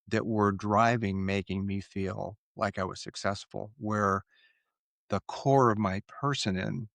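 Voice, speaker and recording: A man's voice: lowish voice, creaky, no room sound. A man in his sixties, a podcast guest, telling his story in an earnest, reflective way.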